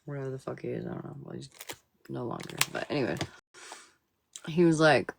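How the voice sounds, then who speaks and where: A woman's voice: a bass voice, lively intonation, a little fast, gravelly, background noise. A woman chatting casually on a live stream, telling a profane, laugh-filled anecdote.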